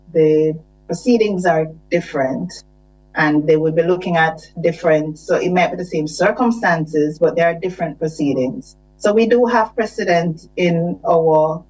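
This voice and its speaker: Lady lawyer, low voice, lots of ums, muffled sound. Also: unhurried, a little mellow. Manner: hesitant, filler-heavy explanation. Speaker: legal counsel. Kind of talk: explaining law to a committee. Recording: dull lo-fi sound.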